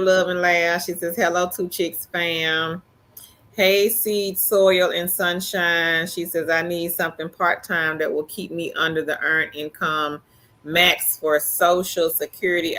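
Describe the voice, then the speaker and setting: A woman's voice: deep voice, fairly bright tone. A woman co-hosting a casual livestream, greeting viewers and reading their comments aloud. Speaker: livestream co-host.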